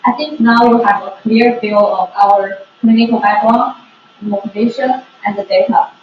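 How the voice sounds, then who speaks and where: A woman's voice: mid-range voice, steady tone, normal speed. A woman giving the methods part of an academic conference talk, explaining carefully step by step. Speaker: researcher presenting. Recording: echoey room, distant dull mic, faint noise.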